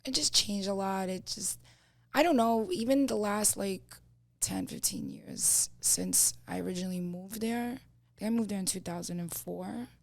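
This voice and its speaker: A woman's voice: medium pitch, normal speed, creaky, a little mellow, no room sound. A woman, a podcast guest telling blunt, streetwise stories in casual chat, full of fillers. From Brooklyn, New York.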